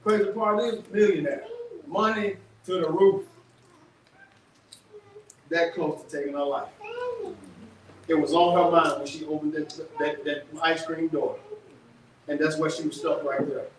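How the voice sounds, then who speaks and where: Man, workshop speaker, lively casual storyteller; distant mic, strong room echo, noisy background. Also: fairly high pitch, unhurried, pauses often. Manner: animated storytelling with casual vernacular. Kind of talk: testimony talk to an audience.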